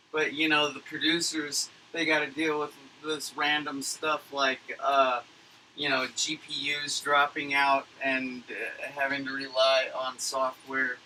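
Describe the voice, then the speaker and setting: Bright-voiced rambling, cursing man. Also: medium pitch, slight background noise, poor audio. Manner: rambling, profane, filler-heavy. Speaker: livestreamer recapping a conference. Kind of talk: casual rambling monologue.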